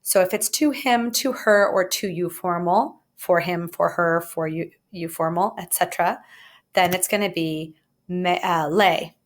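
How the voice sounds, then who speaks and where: A woman's voice: on the low side, a little slow. A woman teaching a recorded Spanish grammar lesson with jokey, playful asides.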